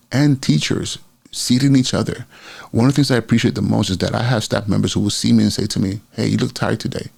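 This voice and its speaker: A middle-aged man talks through his podcast in an unscripted, conversational way, pausing on fillers and restarting sentences. His voice sits low and is deeply gravelly. It also carries a husky roughness throughout. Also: a little mellow. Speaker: school principal and podcast host. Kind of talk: casual solo podcast talk.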